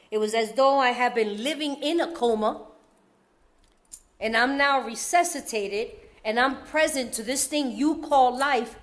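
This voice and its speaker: A woman from California tells her recovery story to a meeting crowd in loose street slang. Her voice sits high. She jokes her way through hard moments and breaks into laughter often. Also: fairly bright tone.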